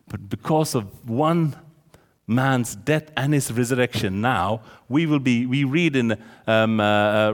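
Against a long reverb tail, a man with a medium-pitched voice delivers an expository sermon, moving verse by verse through scripture. He regularly turns to the congregation with questions.

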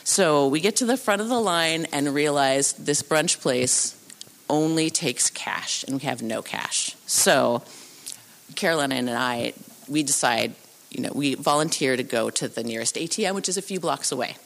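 A woman telling a true story live on a theatre stage into a microphone, animated and acting out the voices of the people in it. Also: low voice, moderate pace, vocal fry. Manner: animated, acts out voices and sounds.

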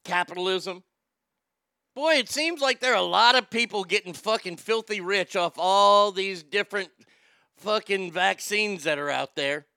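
A man's voice: high-pitched, moderate pace, gravelly, pushed and bright, clear, resonant tone, dry recording, studio quality. A man hosting a live show, ranting about politics in a heated, sarcastic and profane way, often stammering and restarting when worked up.

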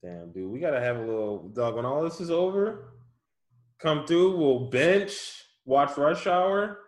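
A man with a slightly high voice tells animated, profane stories in casual chat and laughs often. His voice rings in an echoey office room. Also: a little slow.

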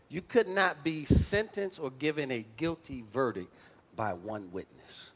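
A male pastor delivering a lively sermon, stressing points and calling out to the congregation for response. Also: medium pitch. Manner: emphatic call-and-response preaching.

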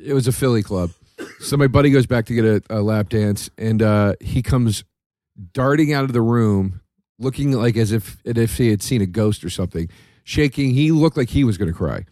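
A man in casual conversation, telling a relaxed anecdote with wry asides. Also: medium pitch, moderate pace, no room sound, studio quality. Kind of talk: casual chat.

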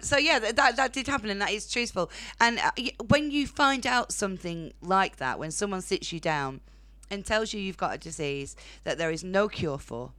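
A woman's voice: lowish voice, a bit bright, dry recording. A young woman with a Northern English accent doing a blunt, chatty stand-up set on a comedy club stage, laughing at her own jokes. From Northern England.

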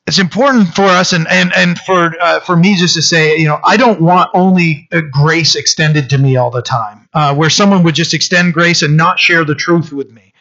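A man's voice: on the high side, moderate pace, few pauses, bright, forceful tone. Man preaching a casual sermon, lo-fi sound. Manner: conversational, with frequent restarts and fillers. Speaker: pastor.

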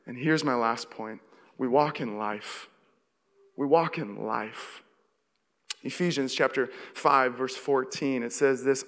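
A man's voice: mid-range voice, takes it slowly, fairly bright tone. A young man from the Seattle area preaching a sermon as pastor, telling a story vividly and acting out his own panic. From Seattle area, USA. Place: church hall. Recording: long reverb of a church hall.

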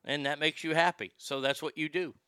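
A man's voice: fairly high pitch, steady tone, brisk, bright, forceful tone, smooth, no room sound, studio quality. A middle-aged man hosting a show, reading listener mail in a blunt, profane, rambling way. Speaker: host.

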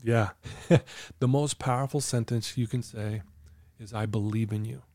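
Earnest man with a warm, dry voice. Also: lowish voice, steady tone, a little slow, no room sound. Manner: earnest, coaching tone with anecdotes. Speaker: podcast guest. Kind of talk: casual podcast chat.

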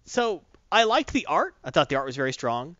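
A man's voice: a little high, sing-song, a little fast, fairly bright tone, dry recording. A man hosting a comics podcast, rambling and chatty with lots of fillers, recorded dull and lo-fi. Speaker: comic book podcast host. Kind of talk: casual chat.

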